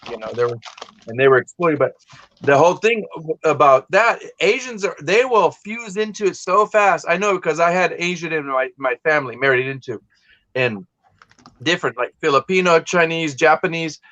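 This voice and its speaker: A man's voice: on the high side, a little fast, a bit bright, no room sound, highs cut off. Rambling man on a live stream. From California. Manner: rambling, storytelling, many restarts. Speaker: host. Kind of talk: casual live-stream chat.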